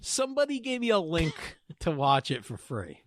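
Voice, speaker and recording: A man's voice: fairly high pitch, huge pitch swings, dry recording. Jokey, riffing male podcast co-host. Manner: rambling, jokey, quick riffing asides. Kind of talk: casual comedic chat.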